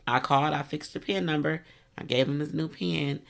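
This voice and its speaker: A middle-aged woman hosting a casual interview, chatty and quick to laugh. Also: low-pitched, gravelly. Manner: chatty, laughs easily, animated when telling stories. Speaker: podcast host.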